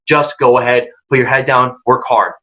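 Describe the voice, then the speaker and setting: A man's voice: mid-range voice, steady tone, moderate pace, bright, forceful tone. A man presenting a career workshop, giving direct, emphatic advice and acting out quoted dialogue. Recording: dull lo-fi audio.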